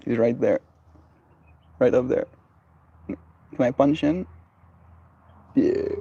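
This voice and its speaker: Gentle rambling male streamer. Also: medium pitch, slow, gravelly, breathy edge, lo-fi sound. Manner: rambling and gentle, heavy on fillers. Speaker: livestreamer. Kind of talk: casual chat with viewers. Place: outdoors on a porch.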